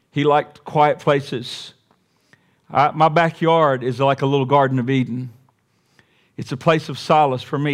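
Emphatic man preaching, somewhat high voice. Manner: preaching with big swings from quiet to raised, emphatic repetition. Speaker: pastor. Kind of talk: sermon.

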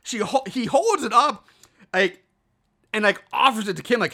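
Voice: mid-range voice, moderate pace. A co-host casually retelling a film's plot, swearing often and sounding exasperated at what happens. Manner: profane, animated, exasperated retelling. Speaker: podcast co-host. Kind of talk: casual movie recap chat.

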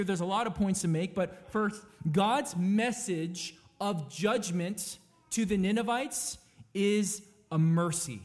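Emphatic preacher with a high voice. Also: male voice, slow pace. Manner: emphatic, dynamic, rhetorical questions. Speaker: pastor. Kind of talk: sermon.

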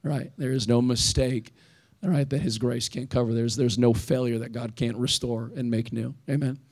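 A man's voice: medium pitch, fairly even intonation, moderate pace, a little mellow. A man in his thirties who pastors a church, preaching a sermon in an earnest, conversational way and repeating emphatic phrases. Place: church sanctuary.

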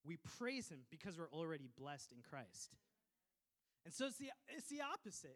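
A pastor from Minnesota preaching a sermon, lively and joking, with quick asides to the congregation. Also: male voice, fairly high pitch. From Minnesota, USA.

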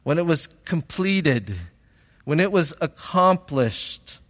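A man preaching a sermon as pastor, reflective and measured, rising to fervent emphasis on key points. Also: a little high, expressive, long reverb tail.

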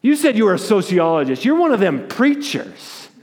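A man voicing a gruff, blunt middle-aged diner owner in a spoken story, with long hall reverb. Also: high-pitched, sing-song, normal speed, a little mellow, voice pushed up. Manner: blunt, offhand.

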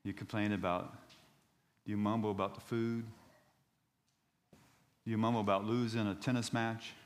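A man in his fifties, a pastor preaching a sermon in a church, telling stories and rising to loud outbursts when he reads scripture. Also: lowish voice, moderate pace, long reverb tail. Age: 50s. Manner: animated storytelling preacher, voice rising to shouts on scripture.

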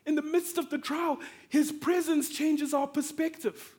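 A man from Africa preaching a sermon through a personal story, animated and swinging between hushed tones and excited shouting. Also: extremely high pitch, a little slow.

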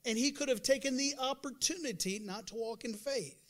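A man with a notably high speaking voice preaches a sermon as pastor. He talks to his congregation in a conversational way, mimicking doubters, then rises into sudden emphatic bursts and calls out to the room. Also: brisk, a bit bright.

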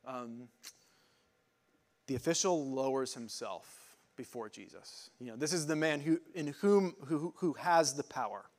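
A male pastor delivers a conversational sermon, working through scripture and word meanings. He speaks informally, stopping and restarting, leaning on fillers as he thinks aloud, in a voice of ordinary middle pitch. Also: unhurried.

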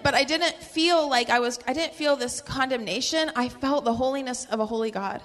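A woman's voice: sits high, a little fast, few pauses, fairly bright tone, long reverb tail. A woman telling her personal religious testimony in a fervent, earnest way, full of "like" fillers and small laughs. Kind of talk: personal testimony in casual conversation.

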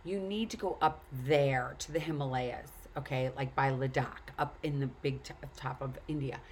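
A woman's voice: extremely low pitch, normal speed, slight background noise. A woman voicing a blunt male cab driver who gives directions. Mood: matter-of-fact.

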